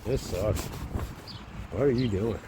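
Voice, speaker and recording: A man's voice: on the low side, slow pace, very noisy. A man rambling casually to his viewers in a vlog, swearing now and then, out of breath and sweaty while moving out. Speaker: vlogger. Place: outdoors, hot day, moving out of an apartment.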